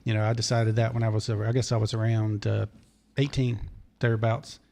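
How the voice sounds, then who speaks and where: A man, a podcast guest telling a long, digressive story in a hoarse voice because he is losing it. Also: on the low side, flat delivery, brisk, a little mellow. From Charlotte area, North Carolina. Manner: digressive, detail-heavy storyteller. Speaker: podcast guest, former race mechanic. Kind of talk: long rambling story told in casual chat.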